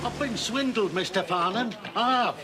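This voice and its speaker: An actor playing a blunt, indignant old farmer. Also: male voice, high voice, moderate pace, crowd noise, lightly acted. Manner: blunt, gleeful, miming animals. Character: blustering comic old farmer complaining of swindle.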